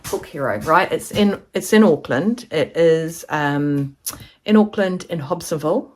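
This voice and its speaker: Kiwi lady vlogging, low voice, rambles on and acts out what people said. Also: expressive, unhurried, a little mellow, slight background noise. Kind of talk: casual chat to camera.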